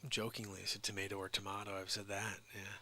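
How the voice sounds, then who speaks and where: A man's voice: lowish voice, little pitch movement, quick pace, bright, forceful tone. Rambling jokey man vlogging. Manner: rambling, jokey, drifting off topic. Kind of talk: casual rambling monologue.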